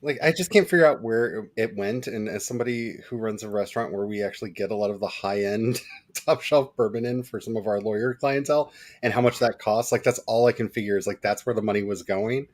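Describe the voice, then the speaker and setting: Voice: mid-range voice, a little fast, darkish tone, dry recording. A podcast guest in casual chat who laughs while explaining things at length.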